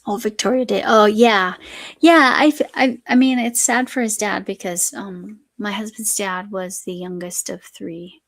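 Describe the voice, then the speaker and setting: Woman host, gravelly fry, rambling live-stream crafter, mid-pitched. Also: steady tone, unhurried, no echo. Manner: rambling, chatty, often breaks off mid-sentence. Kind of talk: casual chat while crafting.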